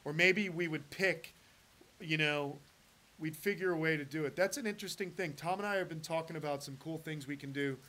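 A middle-aged man with a fairly high voice chats live with his viewers in a loose, rambling way. He hosts an animal channel and leans on fillers and restarts while answering questions. He sounds relaxed and unscripted. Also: a little fast. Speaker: host of a reptile channel.

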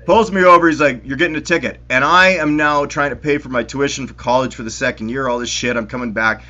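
A middle-aged man from Winnipeg, telling stories to friends on a podcast in an excitable, animated way with plenty of swearing. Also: mid-range voice, fast talker, dull audio. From Winnipeg, Canada. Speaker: podcast co-host. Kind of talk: casual storytelling among friends.

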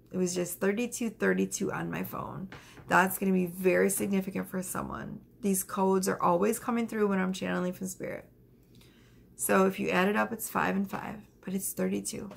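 A woman giving a casual tarot reading, chatty and animated, with lots of fillers. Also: mid-range voice, gravelly. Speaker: tarot reader.

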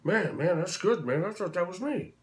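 A laid-back male rock-and-roll star, as a man impersonates him drawls his words in an easygoing way. The voice sits a little higher than the man's own. It sounds casual and amused. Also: animated, normal speed.

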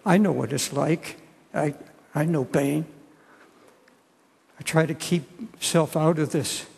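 An older man preaching a sermon as a pastor, earnest and halting, often restarting his words. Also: a little high, creaky, a little mellow, husky. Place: large church. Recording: church hall reverb.

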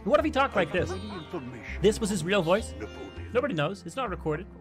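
A man doing a gruff, gritty voice of an old statesman as a comedic impression. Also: high voice, lively intonation, a little fast, over music, pitched above the performer's own voice. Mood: musing. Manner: gruff, gritty mock-serious voice.

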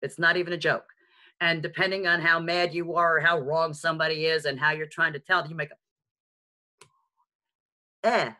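Chatty New York woman teaching online. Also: low voice. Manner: lively, chatty and frank, with quick asides and self-mocking jokes. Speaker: sign language teacher. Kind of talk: live online lesson. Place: home, on a video call. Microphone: video call microphone.

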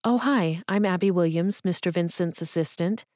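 A woman's voice: fairly low pitch, normal speed, a little mellow, dry recording, studio quality, close to an everyday voice. A woman voicing a cool, guarded young assistant. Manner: clipped, coolly professional.

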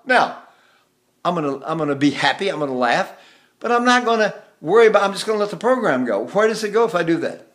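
Older guy teaching singing, kinda high voice, chatty, hums and sings little demo sounds. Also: sing-song, fast, fairly bright tone. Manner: demonstrates hums and sung syllables mid-explanation; chatty, folksy asides. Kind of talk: vocal lesson with demonstrations.

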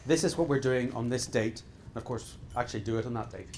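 A man's voice: medium pitch, quick pace, noisy background. A middle-aged man leading a business seminar, speaking emphatically in repeated exhortations with frequent restarts. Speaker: business trainer. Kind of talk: live seminar talk.

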